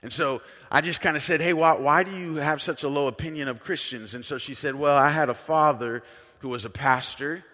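A male pastor preaching a sermon as a story, conversational and earnest, swinging between soft, hushed lines and loud emphatic ones. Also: fairly high pitch, a little fast, big-room sound.

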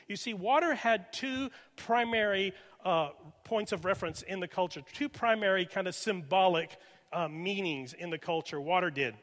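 A male pastor preaching a sermon with dynamic delivery, moving from loud emphasis to hushed near-whispers. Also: high voice, moderate pace. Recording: reverberant hall.

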